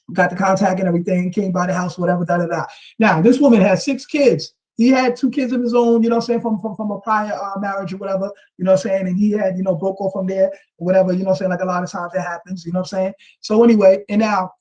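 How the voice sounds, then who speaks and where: A man's voice: sits high, darkish tone, low-quality recording. A man giving casual, emphatic ranting commentary on a vlog, often tagging his points with a rhetorical question. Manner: emphatic, repeats "you know what I'm saying".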